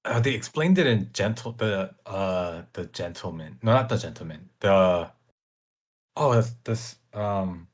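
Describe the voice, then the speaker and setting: A man's voice: deep voice, animated, a little slow. A man co-hosting a casual podcast, teasing his partner and searching aloud for words. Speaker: podcast co-host.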